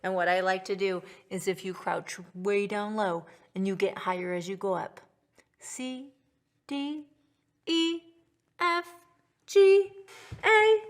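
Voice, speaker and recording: A woman teaching a children's music lesson in a patient, sing-song, encouraging manner. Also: mid-range voice. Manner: patient, slow, sing-song, bright and encouraging toward kids.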